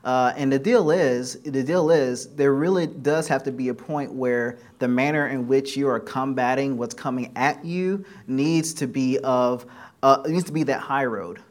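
A man's voice: mid-range voice, moderate pace. A man in a casual conversation in a living room, talking animatedly in long stretches full of fillers.

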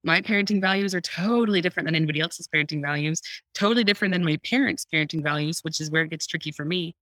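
A woman's voice: deep voice, no echo. A woman talking casually about parenting on a podcast, laughing often and acting out her own thoughts. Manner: animated, laughs often, acts out her own inner dialogue. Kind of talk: casual conversational podcast talk.

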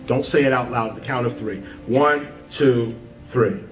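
A man hosting a podcast, leading listeners through a spiritual exercise in an earnest, animated way and laughing at his own asides. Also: medium pitch, normal speed, reverberant, recorded from a distance, soft background music, poor audio. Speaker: podcast host. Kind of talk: spiritual talk with guided exercise.

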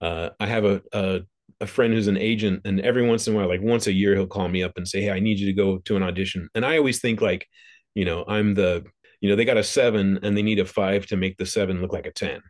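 A man's voice: fairly low pitch, fairly even intonation, fast. A man hosting an interview, chatty and loose, laughing easily as he tells stories. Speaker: podcast host. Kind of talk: casual interview conversation.

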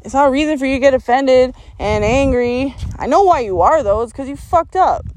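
A woman's voice: high voice, expressive, brisk, a little mellow. A woman vlogger ranting bluntly to her viewers, swearing constantly and laughing often mid-sentence in a confrontational, lecturing way. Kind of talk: blunt profane rant to camera. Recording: noticeable background noise.

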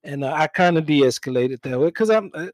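A young man co-hosting a podcast, telling a story in a casual, relaxed way, swearing freely and acting out both sides of the exchange. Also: a little high, fairly quick, no room sound, rough recording. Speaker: podcast co-host. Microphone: own mic, remote call.

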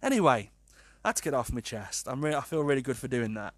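Male podcast host, medium pitch, dry close sound, cheeky and sweary. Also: a little fast, no echo. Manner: animated, sweary, laughs at his own jokes. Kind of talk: casual podcast monologue.

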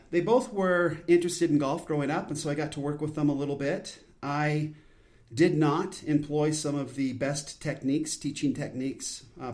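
On a solo podcast he hosts, a man in his forties with a fairly high, slightly mellow voice talks casually. He comes across as intense and earnest, rambling and restarting often.

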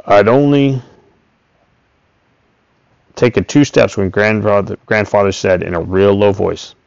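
A man reading a first-person story aloud in a steady, plain way. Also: fairly low pitch, unhurried, creaky, long pauses, clean tone, no echo. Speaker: audiobook reader. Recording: dull, dry recording.

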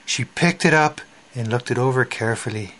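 A man reading a spooky children's story aloud on the radio, slow and expressive with dramatic pauses. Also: mid-range voice.

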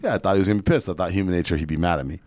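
A man telling a story in a casual podcast chat, animated and swearing freely. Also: low voice, dry recording. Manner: fast, profane, animated storyteller. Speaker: podcast guest, real estate investor.

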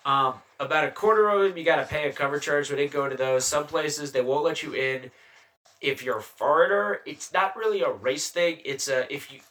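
A young man, a guest comedian, telling animated, laughing anecdotes in a casual podcast chat, holding the mic close to his mouth. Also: a little high, brisk. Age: young adult. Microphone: handheld mic held close to mouth.

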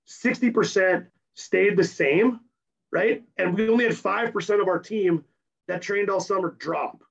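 Hoarse, high-voiced gravelly coach. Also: male voice, lo-fi sound. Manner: rapid and technical, keeps tagging "right?". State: hoarse, losing his voice. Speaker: strength and conditioning coach. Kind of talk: podcast interview.

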